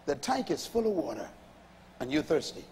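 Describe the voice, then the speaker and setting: A man's voice: a little high, sing-song, normal speed, a little mellow, long reverb tail, slight background noise. A man preaching a sermon in an emphatic call-and-response manner, reading scripture aloud and urging the congregation to respond. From Bahamas. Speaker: pastor.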